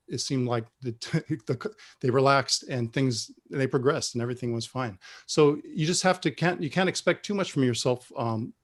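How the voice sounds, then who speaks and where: A man giving an online radio presentation in a relaxed, explanatory way. His pitch sits in an ordinary middle range, and he stops to restart his sentences with fillers as he goes. He sounds like an instructor talking students through his tips. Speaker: Morse code instructor. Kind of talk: webinar presentation.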